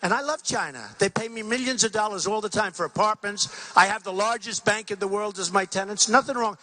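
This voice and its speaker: A political candidate gives a campaign speech at a podium mic in a large rally venue, rambling, repeating himself, and often acting out dialogues. His voice is high, bright, and forceful, and he talks a little fast.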